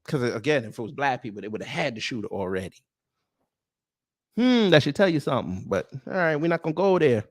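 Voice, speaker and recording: A man's voice: mid-range voice, very animated, fairly quick, no echo, clean studio sound. A man hosting a live-stream commentary show, answering his chat in a sarcastic, mocking and confrontational way. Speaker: host of a news commentary livestream.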